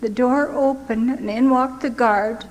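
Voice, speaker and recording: An older woman, a missionary from the United States, tells her own testimony in an earnest, heartfelt way, her fairly high voice falling to near-whispers at its tenderest points. The sound rings with the long reverb of a large hall, with a faint hiss underneath. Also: steady tone, a little slow. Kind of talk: emotional personal storytelling.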